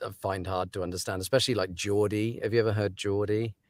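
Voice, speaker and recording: A chatty man talking casually in an interview, his voice sitting a bit low. The sound is dry and close, with no room around it. He laughs easily and drifts into ums between thoughts. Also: fairly even intonation, quick pace, no echo. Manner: chatty, laughs often, trails off with fillers. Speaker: audiobook narrator, interview guest.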